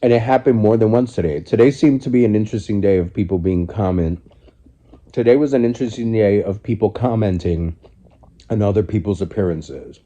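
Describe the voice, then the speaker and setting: Man in his 40s, low voice, very mellow tone, reflective casual vlog, phone recording on a living room couch. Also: a little fast, lo-fi sound. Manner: reflective, candid, speaks in loose restarts. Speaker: vlogger.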